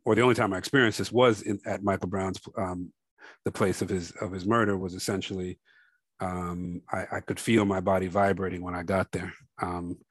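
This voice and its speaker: A documentary filmmaker speaks in a very deep, level voice that rarely rises or falls. He talks slowly and thoughtfully, circling back with fillers and restarts. The sound is dry and close, with no room around it. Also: dry recording. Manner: reflective, halting, many fillers and restarts; grows softer and lower toward the end. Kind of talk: interview conversation.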